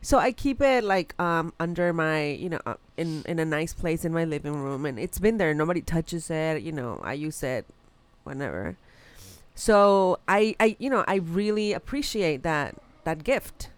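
A woman's voice: on the low side, no echo. A mother in casual chat, telling a personal story in an earnest, reflective way, recorded on a close mic.

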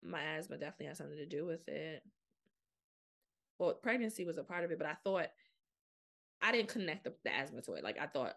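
A woman's voice: deep voice, lively intonation, quick pace, creaky, pauses often, fairly bright tone. A young adult woman hosting a podcast, talking frankly and casually to her listeners, full of fillers and quoted self-talk. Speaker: podcast host. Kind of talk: candid solo podcast monologue.

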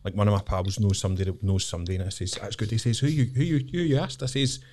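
Fast-talking Scottish man, teasing. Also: fairly low pitch, darkish tone. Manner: teasing, laughing banter. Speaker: podcast co-host. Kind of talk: casual chat.

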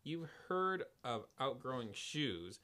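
A man's voice: mid-range voice, very animated, takes it slowly, pushed and bright. Man reading a storybook aloud for laughs. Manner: reads with stumbles and laughs, dry jokey delivery. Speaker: podcast host reading a book aloud. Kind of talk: comedic read-aloud with joking asides.

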